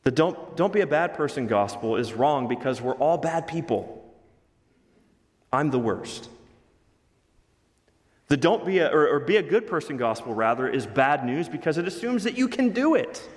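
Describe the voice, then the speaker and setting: Male pastor, animated sermon delivery in a reverberant sanctuary. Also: moderate pace, long pauses. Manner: emphatic, varies pitch and pace for emphasis. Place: church sanctuary. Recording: reverberant hall.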